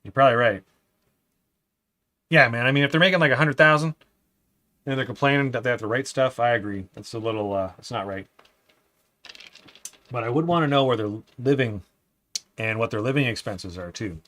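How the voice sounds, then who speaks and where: A man hosts a relaxed live stream as he builds a Lego set. His voice sits at an everyday middle pitch. He reads out viewer comments and talks through his opinions, then drifts into low, quiet mutters as he works on the pieces. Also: a little fast, long pauses. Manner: often drops to quiet muttering while building. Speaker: livestream host building Lego. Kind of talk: casual live-stream chat.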